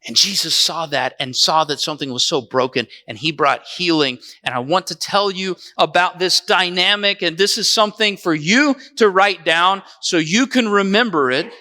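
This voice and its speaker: A male pastor delivering a dramatized first-person sermon, telling the story dramatically and swinging between lively and hushed passages. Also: high voice, moderate pace, hardly any pauses. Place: church sanctuary. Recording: echoey church hall.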